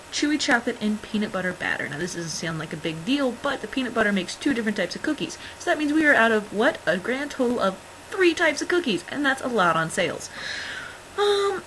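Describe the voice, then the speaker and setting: A woman's voice: high voice, a bit bright, slight background noise, poor audio. A young woman vlogging in casual chat, rambling through stories with lots of fillers and wry, exasperated asides. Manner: rambling, filler-heavy storytelling.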